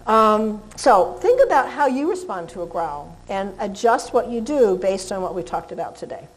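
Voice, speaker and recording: A woman's voice: fairly high pitch, big pitch swings, normal speed, few pauses, low-quality recording. A middle-aged woman giving a lecture on dog behavior, chatty and often laughing, acting out dogs and people in quoted voices.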